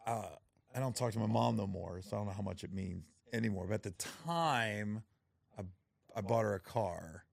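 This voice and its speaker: A man's voice: moderate pace, gravelly. A middle-aged man in casual chat, telling stories and acting out what people said, often breaking into laughter. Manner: storytelling, acts out quotes with rising pitch and laughter.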